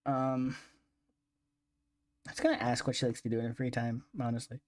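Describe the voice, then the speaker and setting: A streamer commenting live on a dating game, excitable and swearing. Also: mid-range voice, moderate pace, long pauses.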